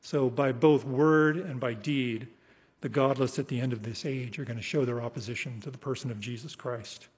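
In a husky, mid-pitched voice, a male preacher delivers an expository sermon with emphasis, slowing to read scripture and letting phrases trail off softly. A long hall reverb surrounds the recording.

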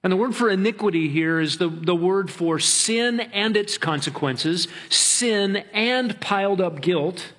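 A man pastor preaching a sermon, earnest, slowing down to stretch key words. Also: high-pitched, fairly bright tone.

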